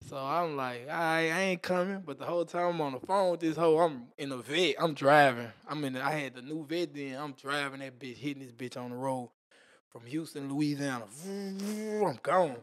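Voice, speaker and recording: Speaking at a normal speed, a man with a fairly high voice recounts a wild tale during a relaxed storytelling interview on a podcast. His delivery is lively and gritty, packed with crude slang and vocal effects such as "boom" and "vroom."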